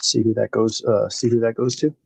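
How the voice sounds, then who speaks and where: A man's voice: lowish voice, flat delivery, fairly quick, darkish tone, no echo, poor audio. A man hosting a live baseball card break, rambling casually and talking to viewers by name as he opens packs. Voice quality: gravelly, husky. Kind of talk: casual live-stream chat while opening packs.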